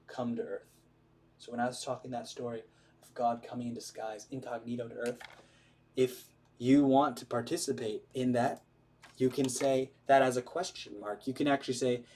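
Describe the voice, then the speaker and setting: A man's voice: medium pitch, a little mellow. A man leading an earnest, emphatic prayer and then explaining it in informal preaching, with many restarts.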